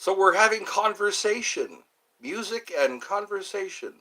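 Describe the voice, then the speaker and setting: An older man hosting a live stream, chatting casually with viewers in a rambling, playful way and slowly sounding out their names. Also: sits high, expressive, pushed and bright, poor audio.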